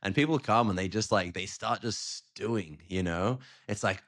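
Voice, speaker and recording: Low-voiced man hosting a podcast, easygoing. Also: normal speed, hardly any pauses, a bit bright. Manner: easygoing, affirming, lots of "you know". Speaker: podcast host. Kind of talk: casual conversation.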